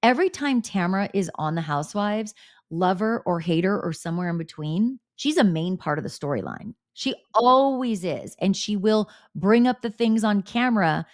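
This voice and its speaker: A woman's voice: medium pitch, normal speed, no room sound, studio quality. A woman hosting a podcast, telling candid gossip stories in casual chat with blunt swearing. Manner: animated, candid storytelling with swearing. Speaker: podcast host.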